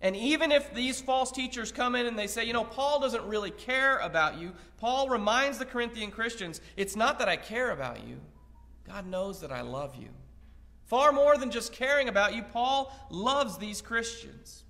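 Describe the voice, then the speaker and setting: A man's voice: very high voice, lively intonation, normal speed, sharp tone. A man preaching an evening Bible lesson, earnest and posing rhetorical questions as he paraphrases scripture. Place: church sanctuary. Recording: long reverb of a church hall.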